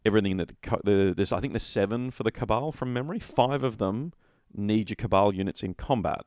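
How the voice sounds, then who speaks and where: A man with a very low voice talks through game rules in a loose, rambling way, restarting his sentences and weighing options aloud. He sounds opinionated but relaxed, as in casual hobby chat. The recording is dry and close, with no room sound. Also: brisk, no echo. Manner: rambling, self-correcting, opinionated. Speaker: podcast co-host. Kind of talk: casual tabletop wargaming chat.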